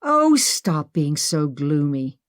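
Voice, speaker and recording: A woman's voice: deep voice, big pitch swings, slow, no room sound, studio quality, heavily acted. A woman voicing an impulsive, upbeat young woman who brushes off worry, in an audiobook.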